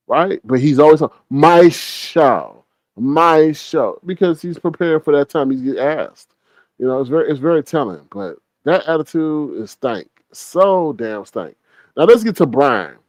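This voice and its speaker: A man hosting casual gossip commentary, animated and mocking, often mimicking others with big jumps in his voice. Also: on the high side, dry recording. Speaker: commentary channel host.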